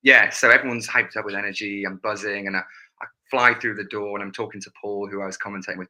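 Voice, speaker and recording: A football commentator telling a self-deprecating story in casual chat. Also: male voice, lowish voice, flat delivery, fast talker, bright, forceful tone, poor audio.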